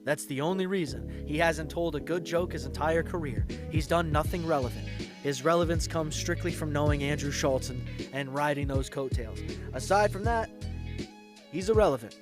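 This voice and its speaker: A man talks over a clear music bed, his voice sitting a little higher than most men's. He delivers mocking reaction commentary, blunt and crude in his put-downs. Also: normal speed.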